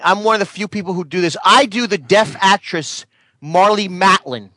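A man's voice: high voice, sharp tone, no echo. A man who is a regular on a comedic radio show, stammering through his stories and erupting into angry outbursts when interrupted. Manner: stammering, easily flustered, quick to angry outbursts.

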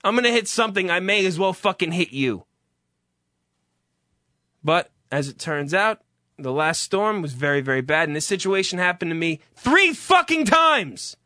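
A man's voice: high voice, lively intonation, moderate pace, bright, forceful tone, dry recording, clean studio sound. A man delivering an exasperated, profane comic rant, swearing heavily as he goes.

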